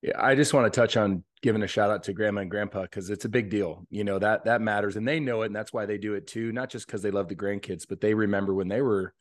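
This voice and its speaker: A man's voice: on the low side, quick pace, few pauses. A man co-hosting a podcast, chatting casually and answering with short, supportive agreement. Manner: supportive, short affirming replies. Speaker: podcast co-host.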